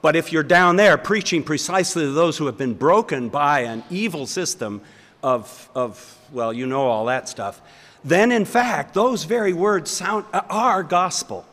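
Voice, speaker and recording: An older man, a seminary professor, lectures in a large hall and takes questions from the audience, his voice on the high side with lively intonation and a measured pace. The tone is a bit bright, and he talks in a thoughtful, rambling way, restarting sentences and chuckling as he goes.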